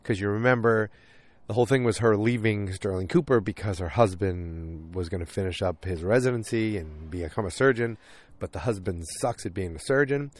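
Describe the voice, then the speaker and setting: Lowish-voiced tired man with a cold, rambling casual recap. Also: normal speed. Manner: rambling, full of fillers. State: tired and getting over a cold. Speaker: TV episode recapper.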